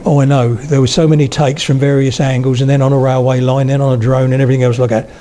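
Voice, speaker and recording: An older man, a lecturer on spoken English, gives a public talk to a live audience of about eighty, sharing anecdotes in a chatty way and checking in with his listeners. His voice is medium-pitched, level, fast, and warm.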